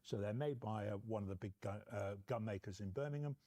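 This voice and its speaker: A man's voice: fairly low pitch, a little fast, mellow. A man, a museum curator, telling history stories measuredly with many fillers. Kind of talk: informal museum talk.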